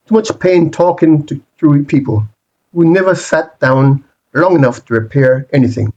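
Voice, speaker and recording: A man presenting a reflective monologue, speaking in deliberate, repetitive rhetorical phrases with the odd restart. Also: a little high, darkish tone, highs cut off. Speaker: channel presenter.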